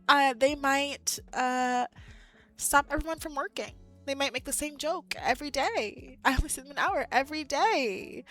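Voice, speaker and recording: A young woman, an art teacher, chatting casually on a livestream in an animated, exasperated way. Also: high-pitched, normal speed, soft background music. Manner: animated, exasperated ranting with laughs.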